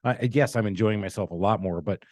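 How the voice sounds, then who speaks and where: A man's voice: on the low side, fairly quick, a little mellow, no room sound, studio quality. A middle-aged man hosting a casual podcast, a blunt business owner who swears freely and tells stories with energy.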